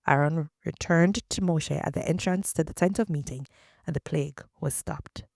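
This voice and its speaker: A woman reading scripture aloud in a measured, deliberate way. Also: low voice, gravelly, darkish tone, no echo, clean studio sound. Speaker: scripture reader.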